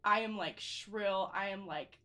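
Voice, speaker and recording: A woman playing a character in a tabletop game, talking in an emotional, halting way. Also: mid-range voice, pushed and bright, faint music behind. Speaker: player.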